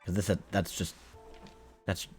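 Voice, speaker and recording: A man's voice: slow pace, soft background music. A man live-streaming a game playthrough, irritable and cursing as he talks to his viewers. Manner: irritated and swearing.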